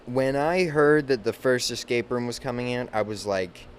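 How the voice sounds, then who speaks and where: A man's voice: mid-range voice, moderate pace, a little hiss or hum. A man in a casual, comedic rant about a movie, rambling, restarting sentences and trailing off. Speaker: movie vlogger.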